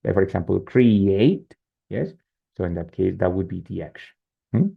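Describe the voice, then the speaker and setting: A man's voice: sits low, moderate pace, gravelly, slightly rough. A male English teacher with a Spanish accent explains word suffixes, keeps checking "right?" and "no?", and drops into Spanish. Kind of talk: online class teaching. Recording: muffled lo-fi call audio.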